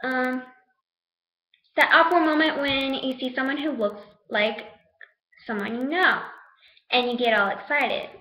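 A woman's voice: high voice, unhurried, pauses often, bright, forceful tone, reverberant, poor audio. A teenage girl vlogging to her camera at home in a chatty, sassy way, scolding her viewers now and then. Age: teens. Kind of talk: casual vlog talk to camera.

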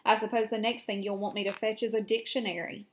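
A woman's voice: medium pitch, little pitch movement, quick pace, natural voice. Templeton, a grumbling sarcastic rat, as a woman reads him aloud. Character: grumbling male barn rat, grudging and sarcastic. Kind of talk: reading aloud to children.

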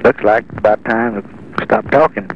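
A man's voice: fairly low pitch, moderate pace, slight background noise. A man speaking on an archival phone call, folksy, blunt and persuasive. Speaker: president on the phone. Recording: muffled old telephone tape.

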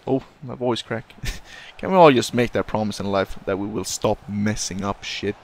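A man's voice: lowish voice, normal speed, vocal fry, hardly any pauses. A man casually commenting on his own football video game match, rambling, joking and swearing at the players. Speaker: gaming YouTuber.

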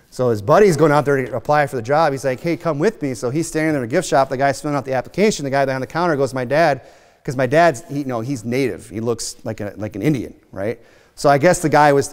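A man preaching a sermon in a relaxed, joking way, sometimes mocking other people's voices. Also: medium pitch. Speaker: pastor. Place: church sanctuary. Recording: long hall reverb.

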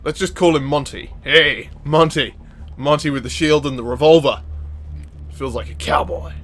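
A man giving chatty, excitable commentary over his own gameplay, often laughing and swearing. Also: mid-range voice, moderate pace. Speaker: gaming video host.

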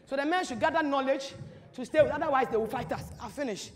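A woman giving an animated, teasing church talk to an audience, full of rhetorical questions. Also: high-pitched, fast, big-room sound. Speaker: speaker at a church teaching. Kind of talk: lively sermon-style talk to an audience.

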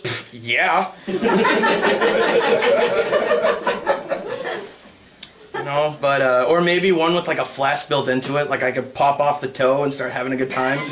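A young man doing a stand-up set for a live crowd, halting with many ums and uhs and breaking into high put-on voices. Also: heavy background noise. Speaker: stand-up comedian. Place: comedy stage with a live audience.

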